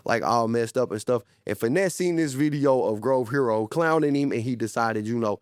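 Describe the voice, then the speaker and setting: A man's voice: mid-range voice, lively intonation, moderate pace, hardly any pauses, dry recording, clean studio sound. A man hosting a casual commentary show, narrating in a laid-back, chatty way. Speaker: commentary host.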